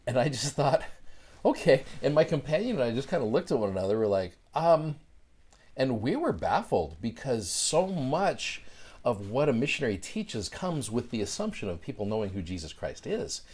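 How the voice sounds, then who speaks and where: A middle-aged man hosting a short scripture show, telling a personal story in a chatty, animated way with plenty of fillers. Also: medium pitch, fairly quick, husky. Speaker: podcast host. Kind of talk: casual storytelling.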